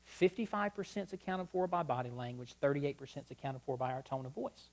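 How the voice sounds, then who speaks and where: A man's voice: mid-range voice, fast talker. Storytelling man preaching on marriage. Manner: lively storyteller, acts out both sides of dialogues. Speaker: conference speaker on marriage. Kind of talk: humorous church conference talk. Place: church sanctuary before a live audience.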